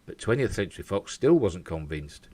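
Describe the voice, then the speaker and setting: A host with a Yorkshire accent reads entertainment news in a lively voice that swings up and down, now and then breaking in with jokey asides. His voice is low and husky at a moderate pace, and the recording is close and dry.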